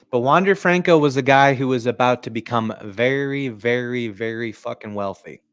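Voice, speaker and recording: A man hosting a sports live stream, talking in a casual, rambling, profane way and often clearing his throat. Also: medium pitch, a little slow, a bit bright, no room sound, clean studio sound, soft background music. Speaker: livestream sports commentator.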